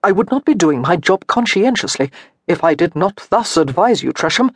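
A woman voicing an earnest gentleman friend who dutifully and gently cautions in an audiobook. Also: fairly low pitch, animated, moderate pace, husky, no room sound, clean studio sound. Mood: cautious advice.

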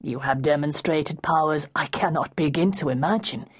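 A woman's voice: sits low, normal speed, husky. A woman narrating an audiobook, voicing a shipwrecked male sea captain who asks earnest, searching questions. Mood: questioning.

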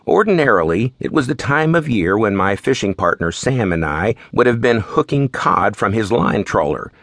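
Male narrator for a detective audiobook, low-ish voice, wry and easygoing, dry studio sound. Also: dry recording. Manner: wry, relaxed storytelling. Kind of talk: first-person audiobook narration.

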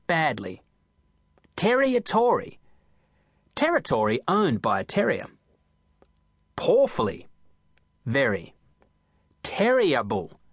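A man narrating a children's audiobook in a playful, expressive storytelling manner. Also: a little high, husky, no echo, clean studio sound.

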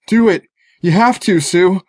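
A man's voice: on the high side, sing-song, slow, a little mellow, voice pushed up. A male narrator voicing a frightened young man who whimpers and pleads.

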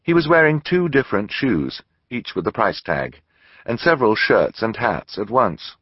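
A man's voice: fairly low pitch, sing-song, moderate pace, slightly rough, dry recording, highs cut off. A man narrating a children's audiobook in a theatrical storytelling manner. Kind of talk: scripted narration.

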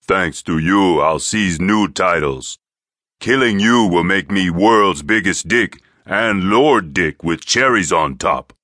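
A man voicing a menacing, gleeful male villain in an audiobook, with a slow, mocking, taunting drawl. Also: low voice, sharp tone, dry recording, clean studio sound, heavily acted. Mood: gloating menace.

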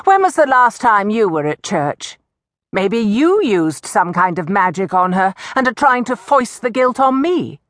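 A woman voicing a sharp-tongued young woman who talks back with defiant sarcasm. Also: medium pitch, big pitch swings, unhurried, no echo, studio quality, pitched above the performer's own voice. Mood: exasperated.

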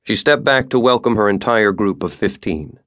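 A male audiobook narrator with a fairly low voice reads in a measured, steady way. The recording is close and dry, with no room around it. Every sentence is evenly paced. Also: dry recording, highs cut off. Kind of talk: scripted narration.

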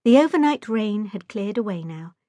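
A woman narrates a story in a clear, measured reading voice. Her pitch sits in the ordinary middle range for a woman. The studio sound is dry and close, with no room echo. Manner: lively, voices the dialogue. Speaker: audiobook narrator. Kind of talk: scripted narration. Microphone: close studio mic.

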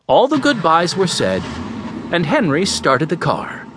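A man narrating a children's audiobook in an expressive storytelling manner. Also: a little high, a little slow, noisy background.

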